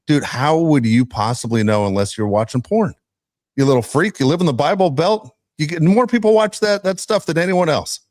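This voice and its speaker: A man co-hosting a sports podcast, ranting in a loud, exasperated way. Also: fairly high pitch, normal speed, dry recording, studio quality. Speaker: podcast co-host. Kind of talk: casual sports podcast rant.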